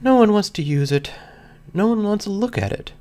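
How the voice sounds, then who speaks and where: A man voicing a cheerful, gentle pony mare who talks in a soft, earnest, lilting way. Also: high voice, lively intonation, moderate pace, voice pushed up. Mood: gentle coaxing.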